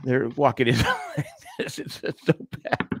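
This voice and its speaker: A man in his sixties, a podcast co-host telling a long story in casual chat, animated and acting out the voices of the people in it. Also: mid-range voice, a little slow, husky, no echo, clean studio sound. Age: 60s.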